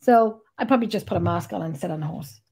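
A woman's voice: fairly low pitch, quick pace, darkish tone, breathy edge. A middle-aged woman hosting a podcast. She talks in a rambling, chatty way and swears freely. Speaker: podcast host. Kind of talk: casual chat.

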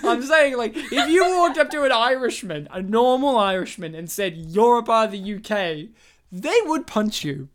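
A woman's voice: a little high, expressive, moderate pace. Chatty woman, rambling and laughing. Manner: rambling, laughs often mid-sentence. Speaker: podcast co-host. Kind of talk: casual chat.

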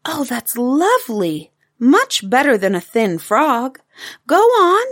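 A woman's voice: medium pitch, big pitch swings, a little slow, fairly bright tone, dry recording, clean studio sound. A woman voicing an eager, chattering little cave girl in a storybook reading.

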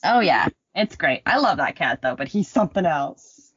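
Woman podcast host, animated swooping voice, slightly husky, joking asides, dry dull-sounding mic. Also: low-pitched, normal speed, dry recording. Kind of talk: casual chat, reading folklore notes.

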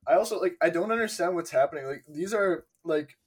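A man co-hosting a movie podcast, critiquing films in animated casual talk. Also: on the high side, brisk, slightly rough. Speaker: podcast co-host. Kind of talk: casual chat.

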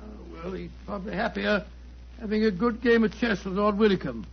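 A man's voice: high-pitched, brisk, vocal fry, a little hiss or hum. A man playing Dr. Watson, a genial, bumbling doctor who talks hesitantly and heartily, in a 1940s radio drama. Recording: dull 1940s radio broadcast.

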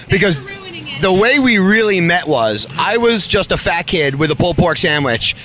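A man's voice: high voice, a little slow. A man from New Jersey hosting a podcast, telling stories animatedly and acting out the dialogue in them. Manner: animated, acts out quoted dialogue. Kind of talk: casual storytelling.

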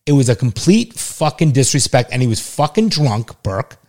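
A man's voice: medium pitch, big pitch swings, moderate pace, dark tone. A middle-aged father talking on a casual family podcast. He is blunt and insistent, leans hard on his points and swears freely. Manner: emphatic, heavily profane, insistent. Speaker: father and co-host.

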